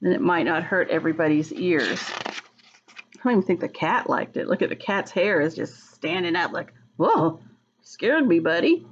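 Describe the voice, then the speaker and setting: A woman reading a picture book aloud to young children, gently pausing to ask them questions. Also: on the low side, lo-fi sound, a little hiss or hum. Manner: slow, gentle, asks the listener questions. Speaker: early-childhood reader.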